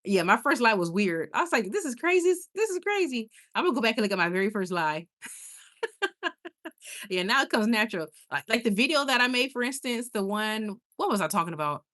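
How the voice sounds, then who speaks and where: A woman's voice: mid-range voice, expressive, brisk, a bit bright. A woman hosting a casual livestream late at night, chatting with viewers and reading their comments. She laughs often, stumbles and restarts her sentences, and sounds tired.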